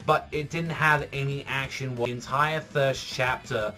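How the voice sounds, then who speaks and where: A man's voice: medium pitch, fairly even intonation, unhurried, bright, forceful tone, soft background music. A man giving a casual, rambling spoken review of a manga chapter, filling his talk with "like" and swearing freely. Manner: rambling, heavy use of "like", swearing.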